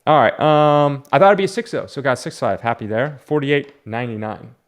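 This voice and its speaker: A man's voice: medium pitch, a little fast, a little hiss or hum. A man chatting casually on his vlog, rambling and telling stories as he goes. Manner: chatty, rambling storyteller with frequent fillers and restarts. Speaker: comic book collector vlogger.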